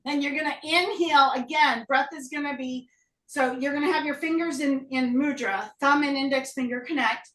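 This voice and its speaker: A woman teaching a live yoga class, out of breath, calling breath and pose cues with brisk energy. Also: sits high, fairly bright tone. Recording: roomy echo, voice from a distance.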